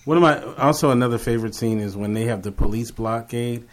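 A man's voice: medium pitch, fast talker. Laid-back man talking film. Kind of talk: casual film discussion.

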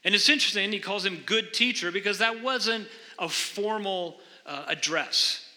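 Bright, high-voiced male pastor preaching. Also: moderate pace. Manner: earnest, explains scripture and questions the congregation. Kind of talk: sermon. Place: church sanctuary before a congregation. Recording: long hall reverb.

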